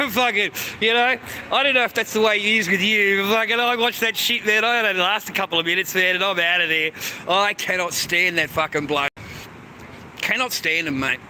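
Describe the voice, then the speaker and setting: A man's voice: high voice, normal speed, pushed and bright, a little hiss or hum. An Australian man hosting a livestream, ranting crudely and profanely and calling everyone mate. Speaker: livestream host. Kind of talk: rambling livestream rant.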